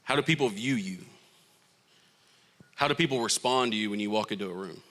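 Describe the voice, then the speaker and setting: A young man with a Southern US accent preaching to a youth group, animated and joking with the crowd between points. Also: on the low side, fairly quick. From Florida. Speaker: youth pastor. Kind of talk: youth sermon.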